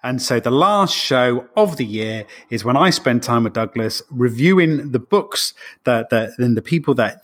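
A man with a British accent, a guest author chatting on a podcast in a playful, teasing way over a remote call. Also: mid-range voice. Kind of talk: casual podcast chat.

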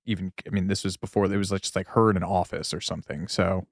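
Male co-host, low voice with lively inflection, dry and wry, close dry sound. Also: fast talker, gravelly, no room sound. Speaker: podcast co-host. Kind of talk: casual film chat.

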